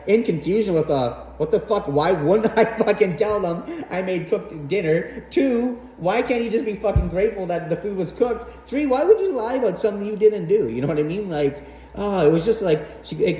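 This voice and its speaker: A man's voice: sits high, a little mellow. A young man hosting a podcast, telling a rambling personal story full of swearing and fillers. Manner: rambling, profane, frequent fillers. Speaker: podcast host. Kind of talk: casual storytelling monologue. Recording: roomy echo, faint background noise.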